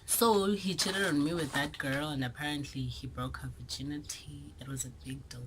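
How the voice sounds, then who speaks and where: A young South African woman telling a storytime vlog, animated and dramatic, with whispered asides. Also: low-pitched, normal speed, slight background noise, low-quality recording. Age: young adult. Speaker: vlogger.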